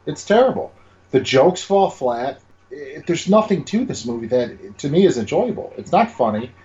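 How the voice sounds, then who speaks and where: A man ranting in casual podcast chat, emphatic and exasperated, with lively ups and downs in his voice. The recording sounds dull and lo-fi. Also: mid-range voice, moderate pace. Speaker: podcast co-host. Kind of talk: casual film review chat.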